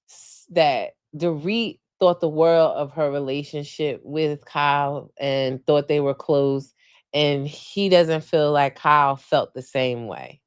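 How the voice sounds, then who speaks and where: A woman hosting a podcast, recapping in casual chat with blunt, colloquial opinions and animated quoting. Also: clean tone, no echo, clean studio sound. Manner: animated, opinionated, acts out quotes with big pitch jumps. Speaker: podcast host.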